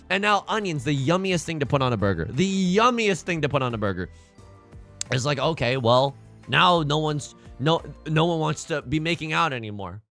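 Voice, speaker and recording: Male streamer, animated and joking, bright tone, some fry, faint music bed. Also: fairly high pitch, moderate pace. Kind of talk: casual gaming livestream chat.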